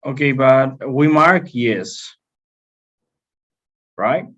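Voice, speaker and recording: A man's voice: mid-range voice, drawn-out words, a bit bright, highs cut off. A man who speaks Spanish as his first language, studying English, answering hesitantly and thinking aloud. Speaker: student.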